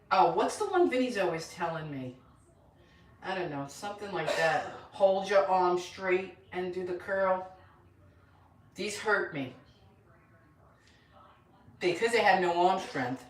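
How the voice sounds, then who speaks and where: An older woman chatting casually on a live stream, counting out exercise reps and rambling about her day. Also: on the low side. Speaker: lifestyle channel host. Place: home room with a mirror. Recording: echoey room, voice from a distance.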